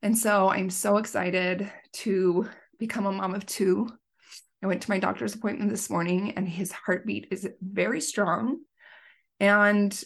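Earnest woman coach with gravelly voice. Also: mid-range voice. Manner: emotional, earnest, tearful at times. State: pregnant. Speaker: life coach and podcast host. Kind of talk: personal story on a podcast.

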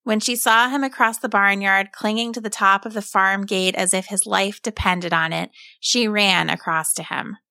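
A woman calmly and expressively narrating a children's story as a storyteller. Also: medium pitch, moderate pace, few pauses, dry recording, studio quality. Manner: calm, expressive read-aloud.

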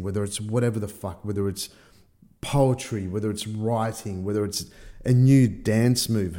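A man's voice: lowish voice, dark tone. A middle-aged man giving a motivational talk, swearing freely and acting out his own inner voices. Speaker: personal development coach. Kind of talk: motivational monologue.

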